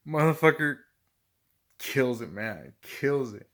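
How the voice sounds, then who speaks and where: Slow and mid-range in voice, a middle-aged storyteller casually relives work episodes. Expletives come constantly, laughter breaks in often, and the retelling stays animated.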